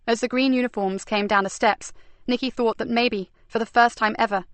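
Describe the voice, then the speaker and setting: A woman reading a crime novel aloud in an even, measured narration, recorded on a close microphone. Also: on the high side, no room sound. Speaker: audiobook narrator. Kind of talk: scripted narration.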